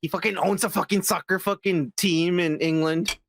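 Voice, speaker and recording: A man's voice: high voice, steady tone, normal speed, gravelly, no echo. A man co-hosting a casual podcast, rambling and swearing while reacting to movie news. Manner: rambling, repetitive, swears often. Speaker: podcast co-host. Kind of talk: casual profane nerd-news banter.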